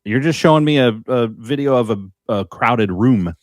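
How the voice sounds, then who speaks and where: A man's voice: medium pitch, normal speed, dry recording. A man co-hosting a podcast, chatting in an easygoing way with some hesitations. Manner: easygoing, talks about family life, some hesitations. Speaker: podcast co-host. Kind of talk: casual chat.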